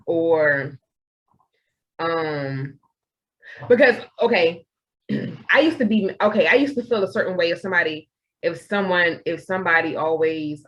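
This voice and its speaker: A young woman, co-hosting a podcast in casual chat, animated and acting out her own inner voice. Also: on the low side, poor audio. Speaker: podcast co-host.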